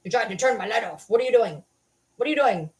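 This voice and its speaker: A woman, her voice sitting a little high, holds a loose, rambling livestream chat from her desk at home. She swears freely, mocks herself and keeps breaking off to talk to her viewers and her dog. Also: expressive, quick pace, husky. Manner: profane, rambling and self-mocking, chatting with viewers and her dog. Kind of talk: casual live-stream chat.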